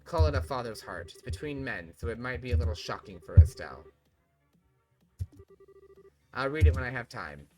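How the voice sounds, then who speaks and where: A man reading as a calm, seasoned father who leads an army in a video game, measured and level in his delivery. The voice sits at a middle pitch and stays lively in its contour. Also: over music, close to an everyday voice. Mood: fond. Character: steady middle-aged father, military leader.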